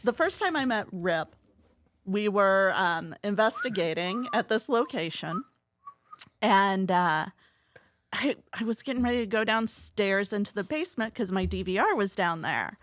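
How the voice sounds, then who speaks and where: A woman's voice: medium pitch, expressive, a little slow, fairly bright tone, no room sound. Chatty woman telling stories, dry mic. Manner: chatty, filler-heavy, teasing. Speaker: podcast guest, paranormal investigator. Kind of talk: casual storytelling.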